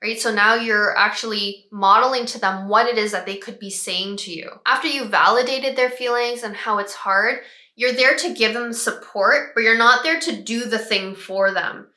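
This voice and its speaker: A woman, a child behavior expert, calmly explaining parenting strategies and modeling phrases parents can use. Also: fairly high pitch, normal speed, echoey room. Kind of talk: parenting advice talk.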